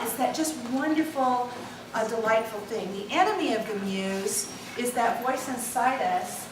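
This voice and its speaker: A woman giving a playful, animated motivational talk to a live audience, laughing often and leading them through exercises. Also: a little high, normal speed. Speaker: motivational speaker. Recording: echoey hall from far off, background noise.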